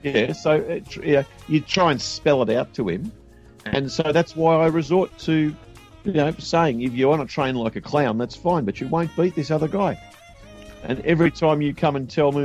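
A man's voice: a little high, moderate pace, darkish tone, soft background music. A man, a radio host telling an exasperated story about coaching a lazy swimmer. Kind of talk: comedic radio banter.

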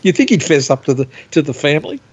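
A man co-hosting a podcast, reading out news items with a deadpan, measured delivery. His voice comes through slightly muffled on a lo-fi recording. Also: fairly high pitch, breathy edge. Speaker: podcast co-host.

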